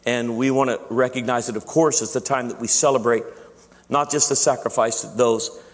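A man's voice: medium pitch, steady tone, moderate pace. A man preaching a sermon as pastor, chatty and self-deprecating, often restarting his sentences. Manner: conversational, self-deprecating humor, frequent restarts. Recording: long echo of a large hall.

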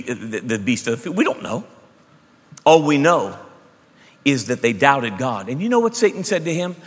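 Pastor, man, mid-pitched, emphatic sermon delivery, booming hall echo. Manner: emphatic preacher, shifts between loud bursts and hushed asides. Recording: long hall reverb.

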